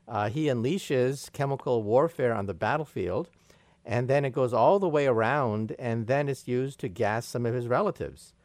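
A man's voice: medium pitch, normal speed, darkish tone, no room sound. A man hosting a radio interview, asking questions in an inquisitive way.

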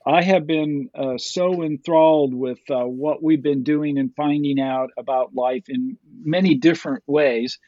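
Husky man on a dull dry line. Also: fairly high pitch, steady tone, measured pace, few pauses, a little mellow, dry recording. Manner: enthusiastic, filler-heavy. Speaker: scientist guest. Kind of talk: interview answers.

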